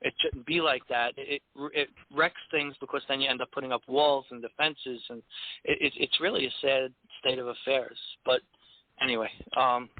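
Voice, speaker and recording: A man's voice: mid-range voice, steady tone, moderate pace, dry recording. Rambling man on a dry phone line. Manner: rambling, many restarts and "you know". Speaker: host of a poetry radio show. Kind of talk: casual chat.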